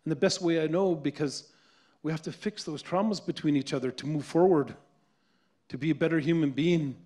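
A man's voice: a little high, brisk, mellow. A Canadian man talking earnestly at a public event, often repeating words as he reflects. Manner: earnest, repeats words while searching for them. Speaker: author and guest speaker.

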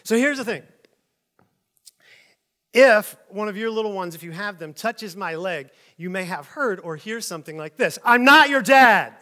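A bright, high-pitched middle-aged man delivers a sermon full of lively storytelling. He keeps slipping into voices for the people in his stories, sometimes shouting them out. The tone is that of a preacher talking easily to his congregation. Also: moderate pace, long pauses. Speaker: pastor.

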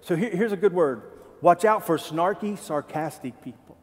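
A man pastor preaching a sermon in a church, animated and joking, asking the congregation questions. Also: sits high, normal speed, in a large hall, a little hiss or hum. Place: church sanctuary.

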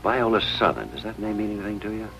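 An actor playing an earnest, persistent hospital chaplain who questions people gently, in a 1950s TV drama. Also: male voice, lowish voice, very animated, quick pace, creaky, exaggerated voice, poor audio. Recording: 1950s TV soundtrack with music underneath.

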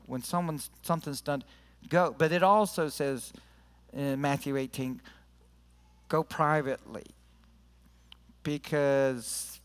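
A man's voice: mid-range voice, in a large hall. A man preaching a sermon to his church in an earnest, conversational way, leading prayer and scripture reading. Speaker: pastor. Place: church sanctuary.

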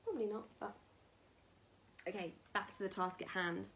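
A woman chatting to camera about a haul, rambling with ums, little laughs and soft whispered asides. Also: mid-range voice, fairly even intonation, moderate pace, a little hiss or hum. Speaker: vlogger showing a merchandise haul. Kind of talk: casual chat to camera.

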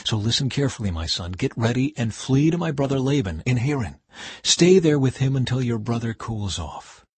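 An anxious mother urges her son to flee in earnest, hurried words, read by a man in his own voice. The voice is husky and the sound close and dry. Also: mid-range voice, big pitch swings, no room sound. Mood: urgent. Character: anxious scheming mother, middle-aged woman.

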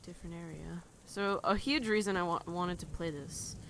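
A woman's voice: lowish voice, moderate pace, creaky. A young woman talks through a horror game she is playing, her voice jittery and full of nervous laughter. She swears when something startles her. A faint hiss runs under the recording. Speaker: let's play gamer.

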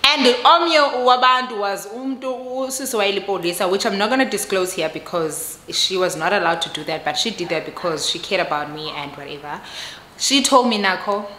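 A woman with a South African accent telling a personal story in a casual vlog, expressive and mixing English with Xhosa. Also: medium pitch, fairly quick, reverberant, a little hiss or hum. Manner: expressive, switches between English and Xhosa, laughs at herself.

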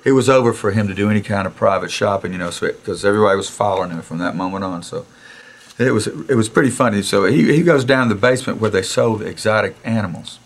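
A man, casually telling anecdotes in a recording studio, animated and chuckling, acting out quotes. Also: fairly low pitch, quick pace. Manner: animated storyteller who chuckles, acts out quotes and restarts sentences. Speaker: musician interview guest.

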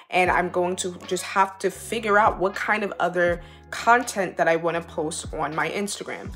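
A woman's voice: fairly low pitch, fairly bright tone. A woman vlogger and pole dancer in casual chat to camera, rambling and leaning on "like" fillers. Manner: chatty, rambling, leans on "like" fillers. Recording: reverberant room with faint music.

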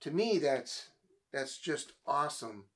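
Man preaching with a slightly high voice. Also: lively intonation, slow pace, a bit bright, breathy edge. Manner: reads scripture aloud and explains it conversationally; frequent repeated words and restarts. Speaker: pastor. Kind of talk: sermon.

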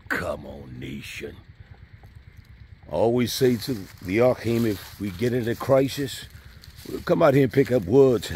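Out on rural land, a middle-aged man who is a community leader guides an eager walking tour, often saying the same things again. He has a mid-range, darkish voice, and faint outdoor sounds can be heard behind him.

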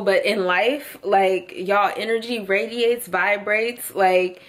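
A young woman in her twenties talks to her vlog audience from home in an unhurried, unrushed way. Her tone is heartfelt and slangy, and she speaks straight to the people watching. Her voice sits at an ordinary middle pitch. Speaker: vlogger. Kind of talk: casual vlog talk to camera.

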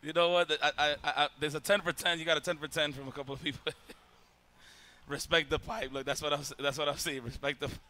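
A man hosting a stream, reacting with excitement and laughter in casual chat. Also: a little high, fast talker. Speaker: stream host.

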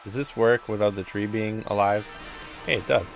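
A man's voice: lowish voice, steady tone, normal speed, vocal fry, faint music behind. A man casually commenting on his live playthrough of a video game, rambling and chatty, often reading the game's lines aloud. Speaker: gaming streamer.

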